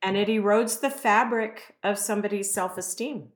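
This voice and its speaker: A woman of medium pitch explains self-worth ideas in an earnest, conversational way, often tossing in "right?" to keep her listener with her. Her voice carries a noticeable roomy echo. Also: normal speed. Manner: earnest, explanatory, uses rhetorical "right?" and "you know". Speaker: guest expert on self-esteem.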